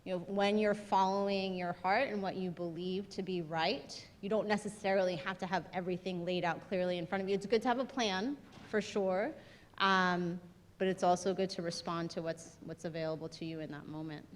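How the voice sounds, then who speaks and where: A woman speaker at a conference, talking gently and reflectively with many fillers. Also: on the low side, fairly even intonation, fairly quick. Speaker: panel speaker. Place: large theater. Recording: reverberant theater hall with faint noise.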